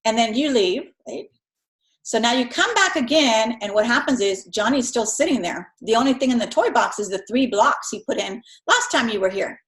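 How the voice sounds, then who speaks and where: In a recorded lecture, a female instructor with a fairly high voice explains things in an easygoing, conversational style, briefly imitating parents and children along the way. The room sounds spacious and echoey.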